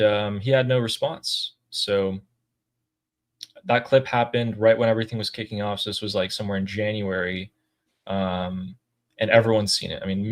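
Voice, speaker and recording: A man hosting a live stream in casual chat, halting and pausing on "um" and "uh" as he talks. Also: lowish voice. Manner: halting, with many "um" and "uh" pauses. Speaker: host of a live analysis stream.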